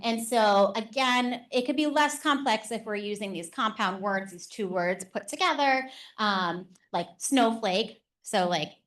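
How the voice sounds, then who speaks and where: A woman teacher presents a live workshop to parents and educators, her voice sitting a little high. She talks in a lively, chatty way, often pausing on "um" as she explains. Her audience is in the room with her. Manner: animated and conversational, with frequent "um" fillers.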